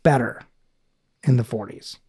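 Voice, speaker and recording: Mellow-voiced man rambling in casual chat. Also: medium pitch, fairly quick, husky. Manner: rambling, many fillers and restarts. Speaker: podcast co-host.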